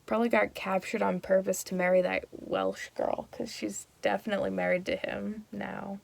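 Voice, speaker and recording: A woman's voice: medium pitch, little pitch movement, moderate pace, gravelly. A woman voicing a suspicious, dismissive older king.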